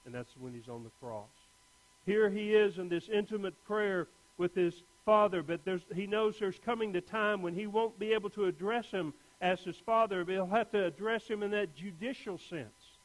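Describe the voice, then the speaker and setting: A male pastor preaching a sermon in an earnest way, moving between hushed and urgent, often repeating words as he restarts phrases. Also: high-pitched, moderate pace, low-quality recording.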